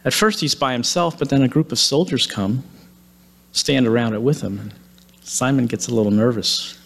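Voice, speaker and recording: A man's voice: medium pitch, moderate pace, a bit bright. A man preaching, retelling a story dramatically and acting out the quoted lines. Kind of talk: sermon storytelling. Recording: long hall reverb.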